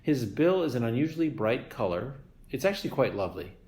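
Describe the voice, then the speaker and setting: A man's voice: medium pitch, sing-song, fairly quick, a little mellow, reverberant, lightly acted. A man voicing a bossy old female goose who scolds and lectures in a squawking, know-it-all way. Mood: scolding.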